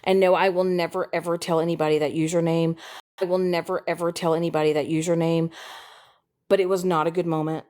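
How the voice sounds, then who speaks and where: A woman chatting casually on a livestream, repeating herself and sliding from soft mutters into sudden high squeals. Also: flat delivery, fast. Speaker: TikTok live streamer. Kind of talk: casual rambling chat.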